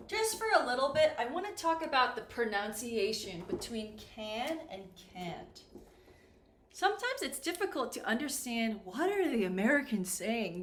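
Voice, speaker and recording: Slow, lively woman teaching English. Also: on the high side. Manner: slow, clear, exaggerated pronunciation demos. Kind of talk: classroom-style grammar lesson. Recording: echoey room.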